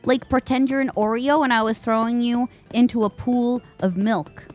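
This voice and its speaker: A woman's voice: a little high, moderate pace, faint music behind. A young woman streaming a game live, chatting away to the game's characters and greeting her viewers. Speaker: Twitch streamer. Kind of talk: live gameplay chat.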